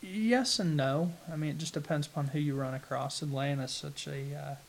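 A man with a Southern US accent, answering interview questions in an unhurried, plain-spoken way with halting restarts. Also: on the high side, creaky, slight background noise. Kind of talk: casual interview conversation.

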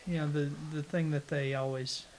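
Flat-voiced Southern US man. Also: a little high, slight background noise. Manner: unhurried, plain-spoken, halting restarts. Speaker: interviewee. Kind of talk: casual interview conversation.

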